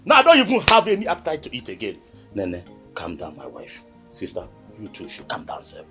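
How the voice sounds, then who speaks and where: An actor with a Nigerian accent playing a tired husband who keeps begging his sister and wife to calm down. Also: mid-range voice, a little fast, music in the background. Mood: pleading. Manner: pleading, soothing, repetitive. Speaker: husband and brother. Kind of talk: Nollywood film acting.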